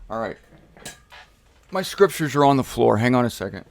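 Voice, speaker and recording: A man's voice: medium pitch, very animated, moderate pace, creaky. A man teaching scripture in a casual, playful way, stressing and repeating key words. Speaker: Bible teacher. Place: home room.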